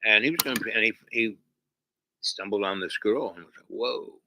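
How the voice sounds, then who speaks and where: A man's voice: on the low side, brisk, noisy background. A man hosting his own channel, telling a rambling casual story with many fillers and restarts. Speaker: channel host.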